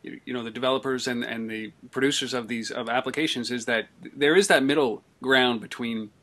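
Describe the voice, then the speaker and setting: Quick-talking man hosting a casual interview, mid-pitched, affirming. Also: fairly even intonation, bright, forceful tone.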